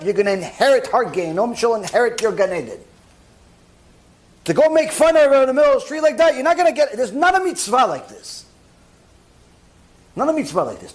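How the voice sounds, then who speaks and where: A man, a rabbi, giving a lively sermon and acting out little scenes with mock dialogue. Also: high-pitched. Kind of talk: sermon lecture.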